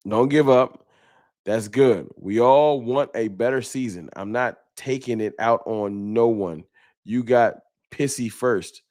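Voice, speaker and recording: A man's voice: medium pitch, normal speed, darkish tone. Slangy man hosting a fan livestream. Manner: loose, slangy, reads chat donations aloud. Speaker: fan talk show host. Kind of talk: casual livestream sports talk.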